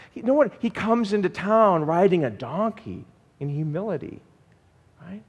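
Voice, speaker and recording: A man preaching a sermon in an animated way and asking the congregation questions. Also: sits high, moderate pace, breathy edge, in a large hall, highs cut off. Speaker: pastor.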